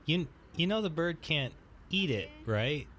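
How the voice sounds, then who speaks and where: A man's voice: fairly high pitch, animated, unhurried, a bit bright. A man playing in a tabletop game, joking and easygoing. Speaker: player. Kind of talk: tabletop role-play.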